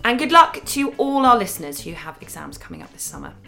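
A woman's voice: medium pitch, wildly swooping pitch, fast talker, vocal fry, music in the background. A woman podcast host wrapping up in a breezy, light-hearted way. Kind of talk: casual chat.

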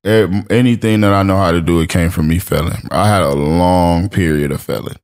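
A man's voice: sits low, fairly even intonation, fairly quick, a little mellow, clean tone. A man from Los Angeles, a streetwear brand owner, talking casually as a podcast guest, telling stories with slang and acted-out quotes. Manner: laid-back storytelling with acted-out quotes and slang. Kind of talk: casual interview talk.

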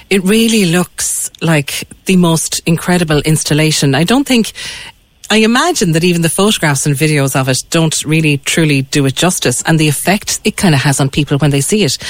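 A woman's voice: sits low, moderate pace, dry recording. A woman hosting a local radio show, enthusiastic and gushing as she talks to listeners and guests. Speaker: radio host. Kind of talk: bright local radio presenting. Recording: dry studio sound.

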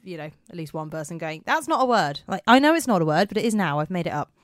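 A woman's voice: fairly low pitch, expressive, rapid-fire, no room sound, clean studio sound. A woman, co-hosting a podcast in casual, rambling chat and laughing at herself. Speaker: podcast co-host.

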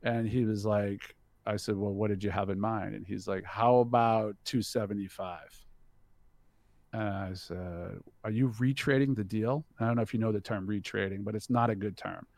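Gravelly middle-aged man telling a story. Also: on the low side, steady tone, normal speed, darkish tone, no echo. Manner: acts out the voices of the people in his story; swears freely, laughs between lines. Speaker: guest telling a business story. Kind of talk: animated anecdote.

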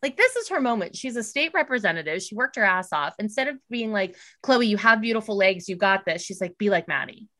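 A woman's voice: medium pitch, lively intonation, brisk, hardly any pauses, sharp tone. A middle-aged woman co-hosting a casual chat, recapping events bluntly and acting out quoted dialogue. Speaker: podcast co-host.

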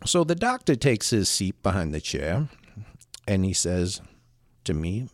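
Halting, low-voiced man telling a story. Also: big pitch swings, dry recording, clean studio sound. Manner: halting and conversational, with frequent repeated words and restarts. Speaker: storyteller recounting a personal experience. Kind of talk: first-person spoken storytelling.

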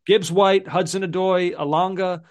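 Deadpan higher-voiced man, dry mic. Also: normal speed, no echo. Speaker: podcast co-host. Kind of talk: casual sports chat.

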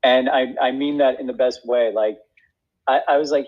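A man's voice: mid-range voice, steady tone, normal speed, darkish tone, highs cut off. A man, an actor and acting teacher, telling a story in a casual interview, with many restarts and frequent laughs.

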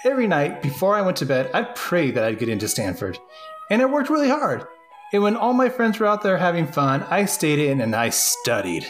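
An earnest young student begs for a place at college, as a man reads him out. The voice is pushed up high and keeps rising with eagerness. The pitch swings a lot, in a podcast comedy read-through. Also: sing-song, fairly quick, soft background music. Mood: earnest pleading. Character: earnest young male student pleading for admission.

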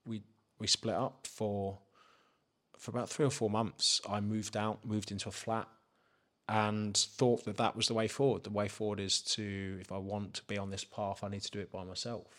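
A man's voice: on the low side, level tone, normal speed, a bit bright. A man, a podcast guest telling a candid personal story and swearing freely. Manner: frank, swears freely, acts out his own inner questions.

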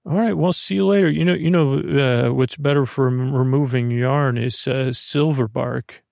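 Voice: mid-range voice, normal speed, gravelly, darkish tone, no echo, clean studio sound, natural voice. An actor doing a rambling dreamy fairy. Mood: eager. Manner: rambling, stammering, chatty. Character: dreamy scatterbrained fairy herbalist. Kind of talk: audio drama acting.

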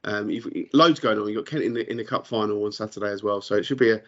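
A man's voice: lowish voice, fast, highs cut off. A man co-hosting a casual football podcast. He stumbles and repeats words and has a dry sense of humour. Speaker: podcast co-host. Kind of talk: casual sports chat.

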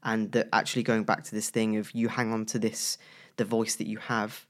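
A man co-hosting a casual chat about voices, lively and playful, with bursts of loud emphasis. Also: on the low side, normal speed. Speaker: co-host, voice professional.

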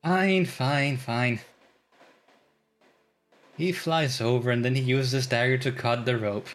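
A man's voice: medium pitch, a little fast, faint music behind. A man playing a tabletop role-playing game, describing his character's actions in a playful, teasing way. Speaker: player. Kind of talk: casual tabletop game play.

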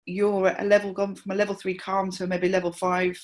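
A woman, a supporter liaison officer, explaining her views in a measured interview with frequent restarts. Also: medium pitch, monotone. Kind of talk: conversational interview.

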